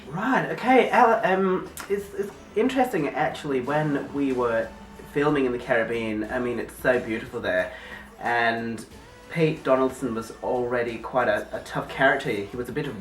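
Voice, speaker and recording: A man's voice: medium pitch, normal speed, faint music behind. Playful man, mock interview guest, rambling, roomy and off-mic. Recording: roomy and distant.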